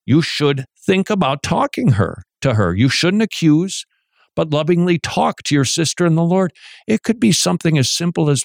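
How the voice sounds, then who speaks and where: Lively, joking preacher man. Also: fairly high pitch, moderate pace, gravelly, dry recording, clean studio sound. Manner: animated, joking, asks rhetorical questions. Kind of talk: sermon-style teaching with humor.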